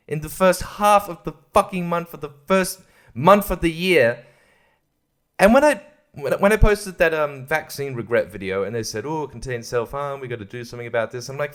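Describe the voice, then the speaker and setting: A man's voice: on the high side, expressive, a little fast, fairly bright tone. A man hosting his own podcast, ranting angrily and profanely, with mocking quoted voices. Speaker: podcast host. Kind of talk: angry comedic rant.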